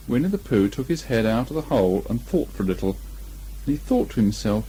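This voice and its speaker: A man reading a children's story aloud in lively, expressive narration, on a muffled old tape. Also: mid-range voice, fairly quick, slightly rough.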